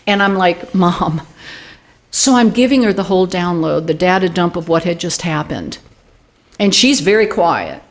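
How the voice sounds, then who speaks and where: Animated woman in her sixties telling a story. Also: fairly low pitch, normal speed. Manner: animated, acts out quoted dialogue. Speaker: guest, UFO group director. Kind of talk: storytelling interview.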